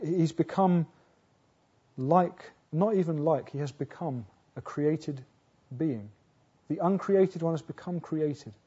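Husky-voiced man preaching a sermon. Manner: earnest, building to loud emphatic peaks, then dropping low; halting restarts and rhetorical questions. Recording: dull lo-fi sound.

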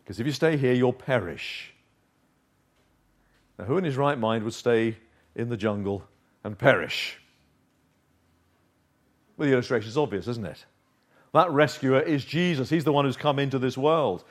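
A man preaching a sermon, earnest and emphatic, with dramatic pauses and swings of volume. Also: mid-range voice, animated.

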